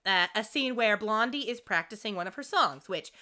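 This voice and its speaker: A woman's voice: medium pitch, normal speed. A woman co-hosting a podcast, recapping a TV show in casual chat with lots of asides. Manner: chatty, animated, with frequent asides. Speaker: podcast co-host.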